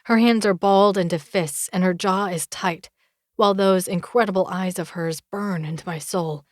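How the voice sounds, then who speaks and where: A woman narrating a romance audiobook in the first person, with an expressive, measured reading. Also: lowish voice, no room sound, clean studio sound.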